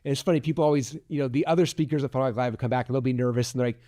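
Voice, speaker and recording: A man's voice: mid-range voice, fairly even intonation, racing, dark tone, dry recording, studio quality. A man in his forties hosting a podcast, giving a rambling motivational talk full of likes and restarts. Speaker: podcast host.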